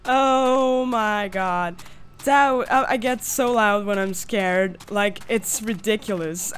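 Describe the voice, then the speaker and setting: A woman's voice: mid-range voice, a little hiss or hum. A young woman hosting a horror game let's play, screaming and squealing when scared, swearing, laughing nervously and apologizing to viewers. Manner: apologetic, chatty outro to viewers. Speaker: gaming channel host.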